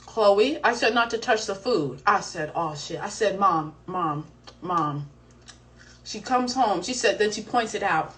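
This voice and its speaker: A young woman from the American South telling a story in a casual, animated and dramatic way. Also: a little high, a little slow. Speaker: singer on a livestream. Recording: distant mic, faint background noise.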